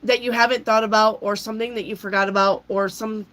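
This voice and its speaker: A woman giving a casual tarot reading while she has a cold, chatty and loose, often clearing her throat. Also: medium pitch, steady tone, fast talker, fairly bright tone, rough recording. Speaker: tarot reader.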